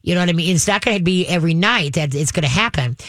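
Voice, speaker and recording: A woman's voice: fairly low pitch, animated, quick pace, fairly bright tone, dry recording. Chatty folksy woman radio host. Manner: folksy, chatty, many fillers. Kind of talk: call-in advice chat.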